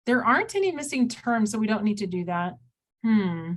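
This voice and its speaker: A woman's voice: mid-range voice, big pitch swings, normal speed. A woman teaching an online math class, chatty, often acting out her students' questions in a livelier voice.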